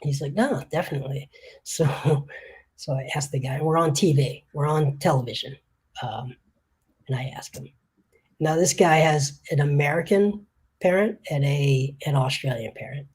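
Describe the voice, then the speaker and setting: Woman, low voice, husky tone, animated casual storytelling. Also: normal speed.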